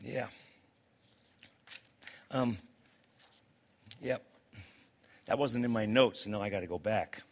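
Animated male pastor preaching a sermon. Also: on the low side, slow pace, long pauses. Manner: animated preaching, swings from loud outbursts to quiet pleading. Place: church sanctuary with congregation.

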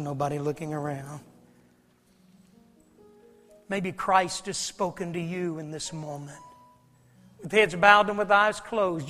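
A male preacher delivers a revival sermon in a high voice. He swells to shouted peaks and sinks to whispers. His words ring through the long echo of a church hall, with soft music underneath. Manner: swells to shouted climaxes, then drops to a whisper. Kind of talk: revival sermon with altar call. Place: church sanctuary. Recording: long reverb of a large hall.

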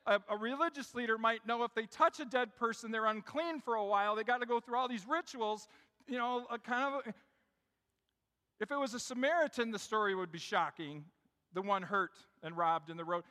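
A middle-aged man delivers a sermon from the front of a church. His voice sits high and sounds bright. He tells the story in a conversational way and often speaks straight to his congregation, and the long reverb of the big room hangs on his words. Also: a little fast. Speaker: pastor. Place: church sanctuary.

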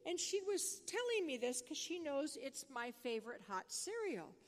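An older woman preaching a sermon, telling a family story in a conversational, animated way. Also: sits high, normal speed. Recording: long reverb of a large hall.

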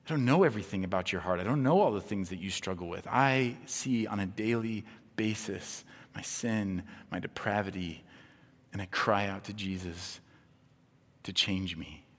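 A man preaching a sermon as pastor, impassioned, swinging between hushed tones and near-shouting. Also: on the low side, moderate pace. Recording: long hall reverb.

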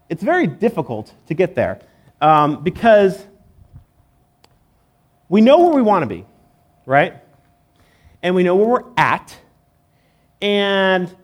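A man giving a sermon in church, conversational and joking, with many fillers. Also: fairly high pitch. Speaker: pastor.

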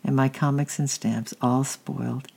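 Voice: mid-range voice, fairly even intonation, a little slow, creaky, a little mellow, husky. A reader voicing an unhappy little boy who has been sulking and is sorry now, in a plain reading voice with small stumbles. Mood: sulky.

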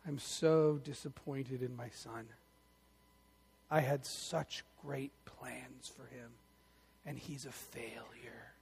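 A man's voice: mid-range voice, fairly even intonation, slow, creaky, darkish tone, a little hiss or hum, voice pushed down. A man muttering as a crushed, disappointed father. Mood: bitter, deflated.

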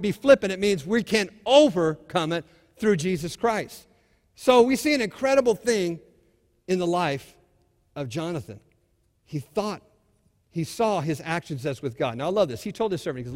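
A male pastor preaching a sermon in an animated, exhorting way, acting out scripture scenes as he goes. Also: sits high, big-room sound.

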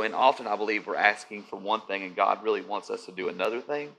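A man's voice: on the low side, quick pace, vocal fry, hardly any pauses, fairly bright tone, slight background noise. A man preaching a conversational sermon, speaking animatedly and often checking in with his listeners.

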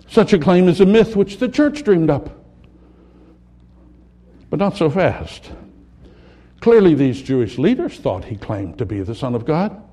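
A man preaching a sermon with a fairly high, mellow voice. His pitch rises and falls in lively sweeps. He moves between loud, stressed lines and quiet, low ones. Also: slightly rough. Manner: dramatic swings between loud emphasis and hushed low delivery.

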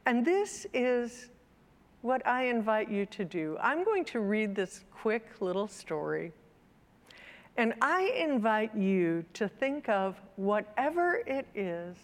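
A woman giving a gently inviting, reflective talk and reading a storybook aloud like a storyteller. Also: mid-range voice, sing-song, slow pace, big-room sound.

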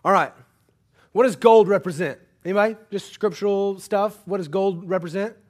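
High-voiced preacher, hushed to urgent. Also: male voice, moderate pace. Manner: swings between hushed earnest passages and loud urgent exhortation; asks the congregation questions and jokes with them. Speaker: pastor. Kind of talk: sermon.

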